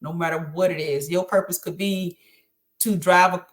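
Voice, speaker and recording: A woman's voice: lowish voice, steady tone, moderate pace. Middle-aged woman chatting on a podcast, earnest and churchy, lots of ums. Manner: earnest, faith-filled, encouraging, with frequent fillers. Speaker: podcast guest, host's mother. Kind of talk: casual chat.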